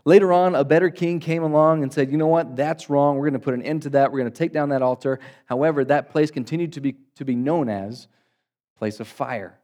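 A male pastor preaching a sermon to his congregation, swinging between loud emphatic bursts and quiet, low asides. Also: fairly quick. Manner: dynamic preaching, rising loud for emphasis and dropping soft; addresses congregation as guys.

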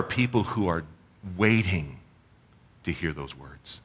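Middle-aged Canadian pastor, lowish voice, earnest conversational sermon. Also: male voice, animated, slow pace, long pauses, sharp tone, slightly rough. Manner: earnest, conversational preaching with storytelling asides.

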